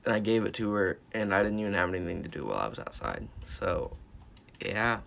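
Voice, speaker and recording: A man's voice: on the low side, very animated, fairly quick, gravelly, a bit bright. A teenage boy telling a storytime vlog as a YouTuber, rambling and swearing, with lots of "like" and "uh.". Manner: rambling, profane, full of "like" and "uh".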